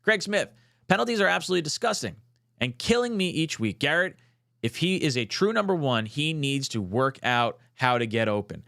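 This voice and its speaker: A young man hosts a casual fan show, reacting to chat comments with a fired-up, swearing energy. His voice sits a little high and swings widely in pitch. The sound is dry and close, with no room around it. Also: brisk, creaky, dry recording. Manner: excitable, swearing, rising to near shouts when fired up. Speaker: podcast host.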